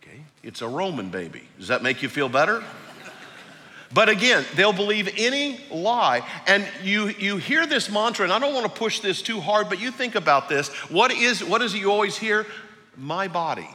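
Lively, bright-voiced preaching man. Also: normal speed. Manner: emphatic preaching, rising to loud peaks then dropping low. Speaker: pastor. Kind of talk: sermon. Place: large church hall. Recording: long hall reverb.

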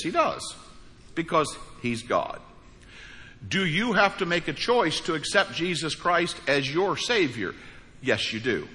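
A man's voice: on the high side, pushed and bright. A middle-aged male pastor preaching a sermon, with sudden rises and drops in his voice. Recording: reverberant hall.

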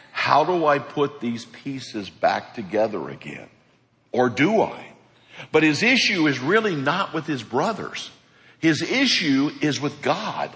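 A man preaching a sermon as pastor, animated, acting out the people in his stories. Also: medium pitch, long reverb tail.

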